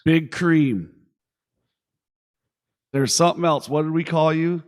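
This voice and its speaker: A man's voice: on the high side, level tone, quick pace, clear, resonant tone. A man hosting a wrestling talk show, hyping up his co-host with jokey titles in casual chat. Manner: joking, hype-man introductions. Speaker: podcast host.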